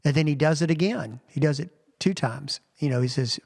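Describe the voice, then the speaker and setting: A pastor retells scripture conversationally for a podcast, his voice sitting a little higher than most men's. A long reverberant tail hangs after each phrase, as in a large room. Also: a little fast, vocal fry, hardly any pauses, a little mellow. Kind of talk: podcast recap of a sermon.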